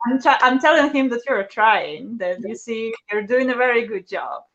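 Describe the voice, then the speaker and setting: A woman from Belarus, a guest on a casual live-stream chat, who answers calmly in short replies. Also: a little high, moderate pace, muffled recording. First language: Belarusian or Russian.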